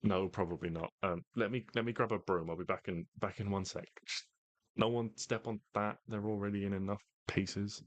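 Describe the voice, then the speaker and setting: A man's voice: fairly low pitch, fairly even intonation, moderate pace, dry recording, lightly acted. A man voicing a young, nervous, clumsy male tiefling barhand who stammers out flustered apologies. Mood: grateful.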